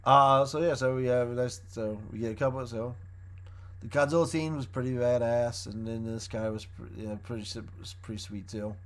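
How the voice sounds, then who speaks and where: A man's voice: medium pitch, steady tone, normal speed, fairly bright tone. A man reviewing a show in a casual, rambling way, often restarting his sentences as he recaps the plot.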